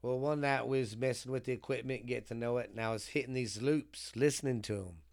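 A man's voice: mid-range voice, brisk, creaky, a little mellow. Man, podcast co-host, casual chat, joking, swearing. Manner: rambling, profane, joking.

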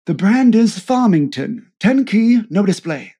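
A man voicing a calm, confident veteran male spy who explains things in a breezy, matter-of-fact way. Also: high-pitched, a little slow, husky, pitched above the performer's own voice, full character voice. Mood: cool.

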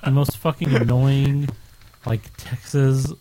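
A young man co-hosting a podcast and telling a long story in a loose, rambling way, swearing as he goes. His voice sits at an ordinary middle pitch, with a faint hiss behind it. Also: little pitch movement, slow, mellow, poor audio. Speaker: podcast co-host. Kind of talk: casual chat.

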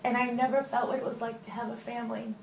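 A woman giving a lively personal testimony at church, telling her story with acted-out quotes. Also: a little high, fast talker, vocal fry. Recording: echoey room with faint noise.

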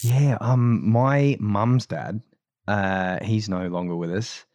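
A man's voice: fairly low pitch, fairly even intonation, takes it slowly, a little mellow, dull audio, a little hiss or hum. A man co-hosting a podcast who tells long stories with many restarts and laughs as he goes. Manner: rambling, restarts often, laughs through stories. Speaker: podcast co-host. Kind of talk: casual chat, storytelling.

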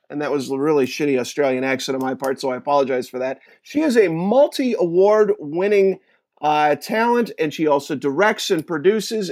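A man's voice: fairly high pitch, dry recording, studio quality. A man hosting a podcast in a casual, jokey, upbeat way. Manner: jokey, upbeat, self-deprecating. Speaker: podcast host.

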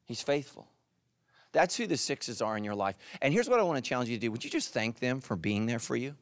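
A middle-aged male pastor preaching a sermon, animated, dropping into soft intense asides. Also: fairly quick, no room sound, studio quality. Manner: animated, voices quoted characters with jumps in pitch.

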